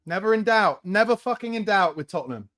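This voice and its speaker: A man's voice: high voice, expressive, a little fast. A man hosting a live fan watchalong, giving play-by-play and angry, swearing rants about his team. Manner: angry, swearing, shouts in bursts. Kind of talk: live match reaction and commentary.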